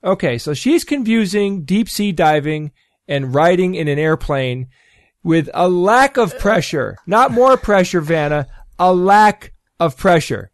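Guy tearing apart a bad claim, kinda high voice, dry sound. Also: big pitch swings, a little slow, no echo. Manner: scornful, explanatory debunking. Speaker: show regular. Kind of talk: casual chat.

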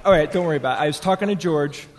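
Brief: man, co-host, high voice, playful banter, hall reverb with a faint crowd. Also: very fast, slight background noise. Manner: playful, laughing. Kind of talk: comic banter. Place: live stage. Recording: reverberant live hall, audience.

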